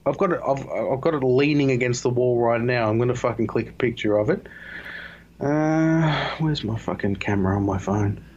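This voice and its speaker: A man's voice: medium pitch, moderate pace, a little mellow, dull audio, slight background noise. A man in casual chat, laid-back and swearing constantly, with frequent restarts.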